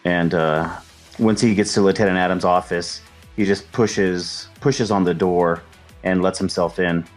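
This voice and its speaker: A man's voice: low-pitched, fairly even intonation, unhurried, faint music behind. A man narrating his character's actions in a tabletop game, hesitant with many fillers. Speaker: player.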